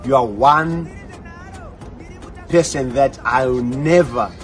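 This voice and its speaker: A man giving an excited, affectionate birthday greeting. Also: medium pitch, takes it slowly, faint music behind.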